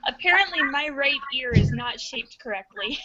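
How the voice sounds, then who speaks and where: A woman's voice: high-pitched, lively intonation, normal speed, a crowd in the background. A woman co-hosting a casual webcast chat in an offhand, chatty way. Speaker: co-host. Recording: dull lo-fi audio.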